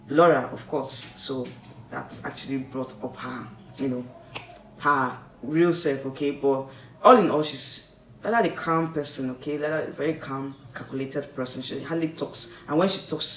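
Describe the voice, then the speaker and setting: Here a man with a Nigerian accent offers rambling, chatty vlog commentary on a reality show, constantly checking with the listener through "okay?" and "like, seriously." His voice is medium-pitched and fairly bright. It's captured on a distant mic in an echoey room with faint noise.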